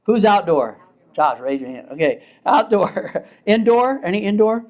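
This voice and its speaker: A man's voice: high voice, sing-song, unhurried, a little mellow. An older man, a therapist, lecturing a class in a casual, chatty way, laughing often and asking the audience questions.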